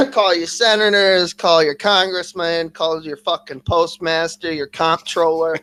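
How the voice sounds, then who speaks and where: A man co-hosting a casual podcast livestream, venting and ranting with constant cursing at a quick, animated clip. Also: on the high side, no room sound. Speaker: podcast co-host.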